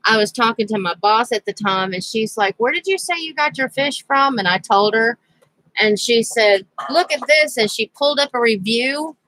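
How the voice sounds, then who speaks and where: A woman's voice: medium pitch, fairly bright tone, no echo, rough recording. A woman vlogger telling a rambling personal story in a casual, chatty way, laughing now and then. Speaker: crafting vlogger.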